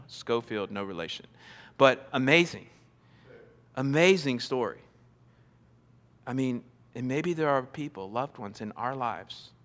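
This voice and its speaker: A man's voice: medium pitch, fairly bright tone, long reverb tail. A male pastor preaching a sermon, earnest and emphatic, repeating phrases for stress, recorded in a large church.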